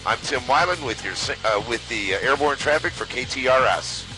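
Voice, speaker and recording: A man's voice: mid-range voice, lively intonation, over music, poor audio. A man giving a matter-of-fact airborne traffic report and reading a sponsor line. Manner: brisk, matter-of-fact listing of roads. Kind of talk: traffic report and live ad read.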